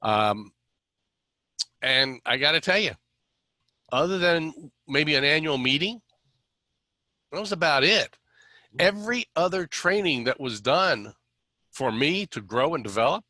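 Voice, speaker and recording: Bright-voiced middle-aged podcast host. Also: male voice, mid-range voice, animated, measured pace, long pauses, no echo. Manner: affirming, conversational, lightly sarcastic. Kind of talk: podcast interview conversation.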